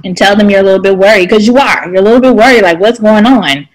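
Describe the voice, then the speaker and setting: A woman's voice: medium pitch, very fast, a little hiss or hum, low-quality recording. A woman giving a chatty, emphatic coaching talk to her team, answering their questions as a team leader.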